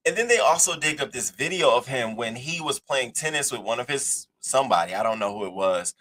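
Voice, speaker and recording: A man's voice: mid-range voice, lively intonation, brisk, pushed and bright, slight background noise, poor audio. A man hosting a celebrity news show, delivering a heated, profane commentary rant. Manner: blunt and profane, emphatic.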